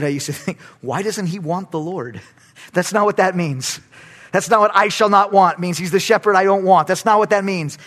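High-voiced, animated male preacher. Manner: animated preaching, swings from shouted lines to soft asides, laughs at own stories. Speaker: pastor. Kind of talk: sermon.

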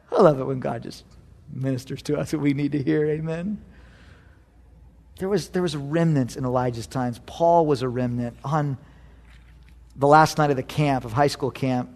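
A man's voice: mid-range voice, fairly even intonation, moderate pace, gravelly, long pauses, a little mellow. A man preaching a sermon as a youth pastor, telling stories animatedly and acting out quotes.

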